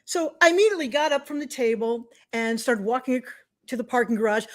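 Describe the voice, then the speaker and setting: A middle-aged woman hosting a live stream, telling a personal story in a chatty, animated way and acting out what people said. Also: fast. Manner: chatty, animated, acts out quotes in high wailing voices. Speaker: host.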